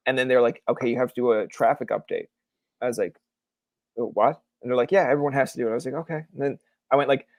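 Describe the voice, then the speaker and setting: Lively Canadian man hosting a podcast. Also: mid-range voice, fast talker, no echo. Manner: animated storyteller, acts out quoted people. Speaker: podcast host. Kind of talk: casual chat.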